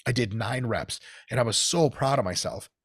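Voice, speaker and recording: A man's voice: mid-range voice, normal speed, dry recording, studio quality. An American man telling gym stories in a casual, profane podcast chat. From United States. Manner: profane, storytelling, animated. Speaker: guest.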